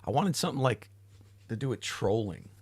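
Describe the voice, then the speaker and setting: A man's voice: mid-range voice, sing-song, brisk, a little mellow, slight background noise. A tired man hosting a livestream, chatting casually with his chat, rambling and swearing now and then. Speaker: livestream host. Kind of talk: casual chat reading live chat.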